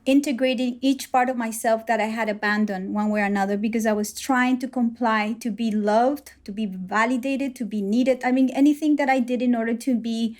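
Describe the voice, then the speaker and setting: A woman's voice: on the high side, steady tone, a little fast, hardly any pauses, darkish tone. A woman guest in a conversation, reflecting and telling personal stories, often acting out what was said. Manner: reflective, storytelling, acts out dialogue. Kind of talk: conversational interview.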